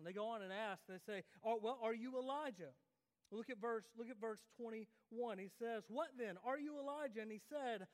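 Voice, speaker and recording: A man's voice: very high voice, moderate pace. A man preaching a sermon in a conversational way, often checking in with the congregation. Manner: conversational preaching with frequent "right?" asides to the congregation. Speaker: pastor. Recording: long reverb of a large hall.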